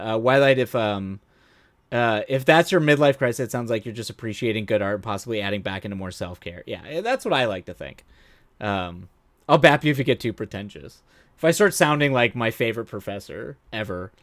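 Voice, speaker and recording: Hosting a casual live stream, a man chats loosely with viewers, rambling, trailing off, interrupting himself to restart sentences, and often laughing at his own stories. His voice is lowish with a fairly bright tone, and the recording is dry.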